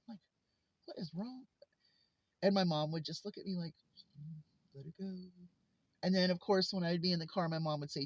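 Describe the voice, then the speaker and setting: A woman vlogger shares personal stories in a casual monologue, speaking in a heartfelt, earnest way. Her voice is medium in pitch with no echo, and the lo-fi recording sounds slightly muffled.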